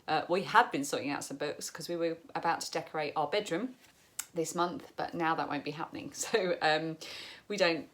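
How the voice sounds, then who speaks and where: Chatty British woman, low-pitched. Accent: British English. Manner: chatty, rambling, laughs often. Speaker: craft vlogger. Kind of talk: casual chat to camera. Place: home, bedroom and bathroom.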